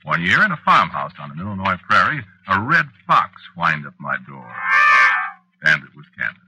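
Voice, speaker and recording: A man's voice: low-pitched, huge pitch swings, moderate pace, loud music behind the voice, full character voice, poor audio. An actor playing a witch's ageless husband in a 1940s radio drama, telling his story reflectively and stammering when flustered. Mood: wistful. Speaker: narrator.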